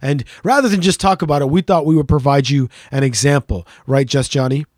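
A middle-aged man with a notably high voice, chatting loosely on a podcast. He rambles and jokes and swears freely. The sound is close and dry, with no room around it. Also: brisk, darkish tone, no room sound. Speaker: podcast co-host. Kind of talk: casual chat.

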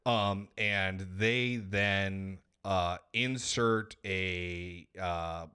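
A man on a podcast, casually retelling a video game story in an animated, profane way. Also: low-pitched, extremely slow, clear, resonant tone. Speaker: podcast co-host.

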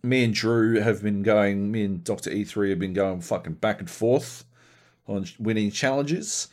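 A man co-hosting a casual gaming podcast, telling profane, animated stories about multiplayer sessions. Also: on the low side, moderate pace. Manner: profane, animated storytelling with lively put-on voices. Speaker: podcast co-host.

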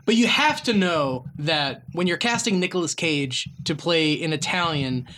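A man co-hosting a casual movie-review podcast, speaking haltingly with many fillers and dry jokes. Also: a little high, expressive, bright, forceful tone, slight background noise. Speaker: podcast co-host.

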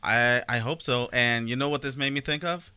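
A man's voice: mid-range voice, normal speed, pushed and bright, smooth. A man co-hosting a podcast in casual chat, playful and laughing, often stumbling and repeating words. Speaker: podcast co-host.

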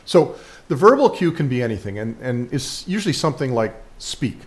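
A man's voice: medium pitch, very animated, brisk. A man speaking as a dog trainer, giving casual instructional commentary with frequent fillers and restarts.

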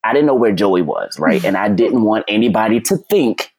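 A man telling a story as a podcast guest, animated, rambling and acting out quoted dialogue. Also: on the low side, no room sound. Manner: fast, rambling with many "like"s. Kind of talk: casual storytelling chat.

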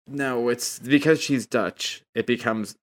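A man's voice: medium pitch, takes it slowly. A man in a casual podcast chat, explaining jokes at length to his co-hosts. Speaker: podcast co-host.

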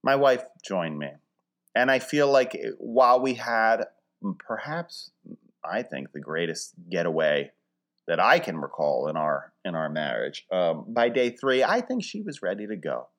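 A man's voice: on the low side, sing-song, unhurried. A man from Philadelphia hosting a casual comic monologue, rambling with wry, dry humor and mock-grand wording.

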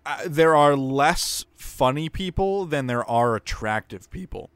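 A man's voice: a little high, expressive, unhurried, fairly bright tone, clear, resonant tone, dry recording. A man co-hosting a podcast in casual chat, making dry jokes. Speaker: podcast co-host.

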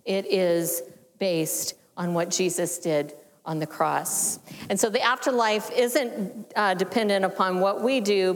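A woman teaching a church audience in a measured, explanatory way, letting her voice sink softly at the ends of phrases. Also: lowish voice. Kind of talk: sermon teaching. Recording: long hall reverb.

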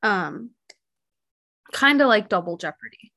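Young woman, mid-pitched, rambling, filler-heavy storyteller for a casual true crime podcast. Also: expressive, measured pace, sharp tone. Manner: chatty, heavy use of "like" and "um". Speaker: podcast co-host telling a true crime case. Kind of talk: casual chat.

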